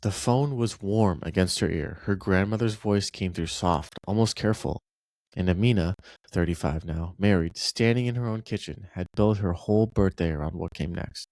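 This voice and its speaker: A man's voice: low-pitched, moderate pace, a little mellow, no echo. A man reading a short story aloud and breaking off for loose, conversational asides, like a teacher walking a class through a text. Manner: conversational, loose asides between read passages. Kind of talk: reading aloud with casual commentary.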